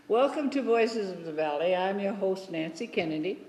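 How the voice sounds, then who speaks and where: A woman's voice: medium pitch, slow pace, darkish tone. A woman hosting a local interview show, chatty and playful, laughing often. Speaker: talk show host. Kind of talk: casual interview chat. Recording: echoey hall with long reverb.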